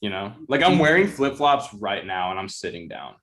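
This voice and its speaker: A man's voice: lowish voice, sing-song, normal speed, a bit bright. A man in his twenties, a musician guest, chatting casually in a laid-back, rambling way with lots of fillers. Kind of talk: casual chat.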